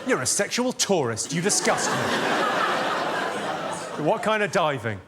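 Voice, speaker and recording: A man doing stand-up on stage, delivering deadpan one-liners with a noticeably high voice. Heavy audience laughter rolls in under his jokes on a stage mic. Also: unhurried, over a noisy crowd, very noisy. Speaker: stand-up comedian. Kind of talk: stand-up comedy. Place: large theatre with live audience. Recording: loud audience laughter behind.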